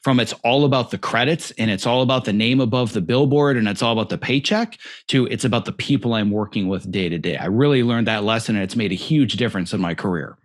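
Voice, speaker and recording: A middle-aged man hosting a podcast, telling a reflective personal story at a steady pace. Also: on the low side, fast talker, hardly any pauses. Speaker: podcast host. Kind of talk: conversational interview.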